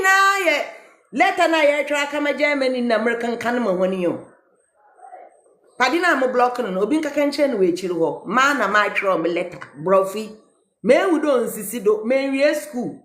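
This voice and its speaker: A woman's voice: fairly high pitch, roomy sound. A woman with a Ghanaian accent, ranting mockingly in a casual reaction video and reading a letter aloud. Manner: mocking, switching between English and Twi, reading a letter aloud. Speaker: social media commentator.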